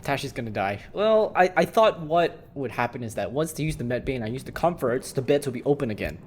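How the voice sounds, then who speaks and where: A man's voice: mid-range voice, big pitch swings, a little fast, a little hiss or hum. Man thinking aloud over a game. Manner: thinking aloud, worried and exclaiming. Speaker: gaming YouTuber. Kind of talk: gameplay commentary.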